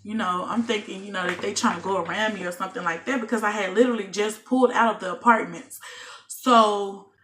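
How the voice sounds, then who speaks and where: Speaking fairly quickly at a medium pitch, this young woman recounts a personal story for her vlog. She's animated and casual, performing both her own lines and everyone else's.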